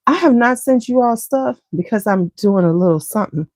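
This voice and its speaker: A woman's voice: fairly high pitch, expressive, fairly quick, a little mellow, dry recording. A woman hosting a beauty channel, chatting casually and scattered with viewers and greeting them by name. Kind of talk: casual chat with live viewers.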